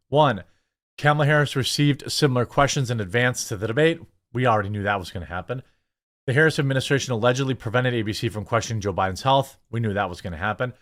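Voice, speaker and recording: Sarcastic man doing casual political commentary. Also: mid-range voice. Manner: animated, sarcastic, lots of fillers. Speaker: political commentator, channel host.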